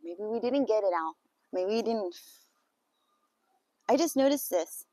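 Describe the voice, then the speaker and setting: A woman chatting casually with viewers while walking through her garden on a farm for a live vlog, with quick exclamations and nervous laughter. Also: mid-range voice, lively intonation, warm tone, dry recording.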